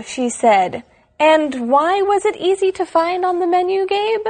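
A woman co-hosting an English lesson program, speaking clearly and deliberately. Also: very high-pitched, a little mellow. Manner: slow, clear, deliberate delivery. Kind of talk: scripted educational chat.

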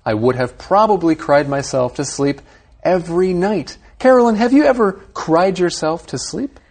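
A man's voice: on the high side, expressive, moderate pace, darkish tone. A man co-hosting an English lesson, reading quotes from a passage aloud and explaining them. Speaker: radio English lesson co-host.

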